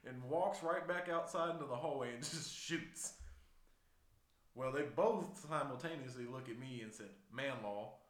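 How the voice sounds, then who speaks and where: A man co-hosts a laid-back podcast, cracking jokes and jumping into his friend's story. His pitch is ordinary, and the room has a noticeable echo. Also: a bit bright. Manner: joking, chiming in, chuckling. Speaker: podcast co-host. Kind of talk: casual chat.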